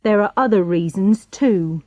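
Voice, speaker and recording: A woman's voice: medium pitch, a little slow, darkish tone, no echo, dull audio, natural voice. A woman voicing a resentful young male servant who speaks in a bitter, defensive way.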